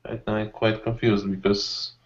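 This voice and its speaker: A man's voice: fairly low pitch, flat delivery, a little slow. Hesitant non-native man learning English. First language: not English. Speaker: language student. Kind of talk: learner in a one-on-one lesson. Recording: dull lo-fi recording.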